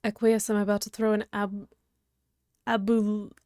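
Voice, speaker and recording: A woman's voice: mid-range voice, flat delivery, a little slow, dark tone, clear, resonant tone, no room sound, natural voice. Girl reading as a haughty prissy troll guy, fussy and formal, dry close sound. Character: prim snobbish strong male troll aristocrat. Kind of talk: reading a webcomic aloud with voices.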